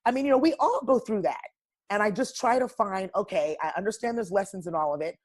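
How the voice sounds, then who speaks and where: A woman's voice: mid-range voice, animated, quick pace, a little mellow. Woman guest, wellness coach type. Emphatic, straight-talking, preachy. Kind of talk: casual podcast conversation.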